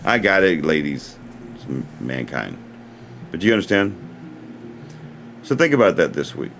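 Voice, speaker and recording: A man's voice: low voice, very animated, moderate pace, gravelly, a bit bright, a little hiss or hum. A man hosting his own livestream, talking in an earnest, rambling way and often repeating himself. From United States. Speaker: livestream host. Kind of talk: casual livestream talk.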